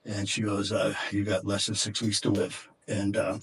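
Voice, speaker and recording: A middle-aged man from Detroit, a podcast guest, telling a personal story in a candid, halting way with many fillers and restarts. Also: lowish voice, completely flat delivery. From Detroit, USA.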